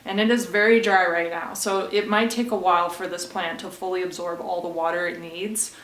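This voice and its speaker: A woman's voice: lowish voice, steady tone, fairly quick, fairly bright tone, a little hiss or hum. A woman vlogger giving a casual how-to demonstration at home, chatty and conversational, with asides to the viewer. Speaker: plant care vlogger. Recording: roomy echo.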